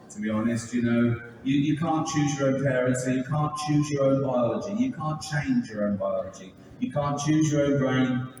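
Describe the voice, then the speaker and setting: An English man in his sixties performs stand-up, his slightly high voice bouncing around a vast echoing arena with a long tail of reverb. He sounds a little distant from the mic, with faint ambience behind him. He laughs through his own lines, swears freely and plays both sides of each exchange. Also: a little mellow, a little hiss or hum. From England. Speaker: stand-up comedian. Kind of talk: stand-up comedy set. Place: large arena. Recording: echoey arena sound from far off.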